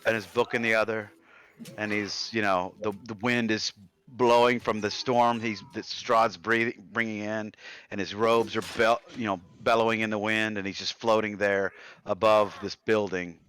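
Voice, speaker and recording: A man's voice: lowish voice, level tone, normal speed, fairly bright tone, clear, resonant tone. A man playing a tabletop game, eagerly and ramblingly describing his character's actions. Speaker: player.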